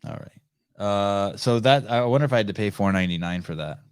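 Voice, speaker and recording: Man, podcast host, rambling casual chat, profane, laughs easily, low voice, dry close mic. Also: fairly quick, clean tone, no echo. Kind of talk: casual live-stream chat.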